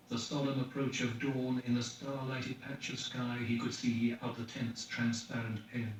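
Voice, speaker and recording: Man narrating a novel in an echoey room. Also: medium pitch. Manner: measured, dramatic reading. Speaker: podcast host reading a novel aloud. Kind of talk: audiobook narration. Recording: echoey, distant, dull lo-fi, faint hiss.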